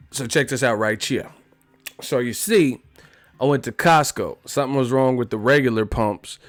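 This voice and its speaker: A male live-stream host riffs on his chat in a loose, joking way. He swears freely and laughs often, and his voice sits at an ordinary middle pitch. Faint music plays behind him. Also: normal speed, no echo. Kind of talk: casual chat.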